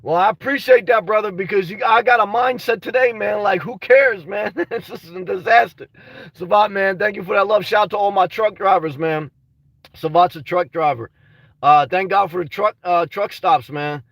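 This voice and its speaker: A man's voice: high-pitched, moderate pace, gravelly, a bit bright, dry recording, recorded from a distance. A man rambling in a casual livestream, reading out chat messages, frustrated and full of restarts and "man". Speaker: vlogger reading live chat.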